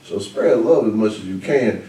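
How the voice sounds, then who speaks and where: A man hosting a podcast in casual chat, blunt and animated, talking in quick bursts. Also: on the low side, distant mic. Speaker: podcast host. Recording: roomy echo, mic set back.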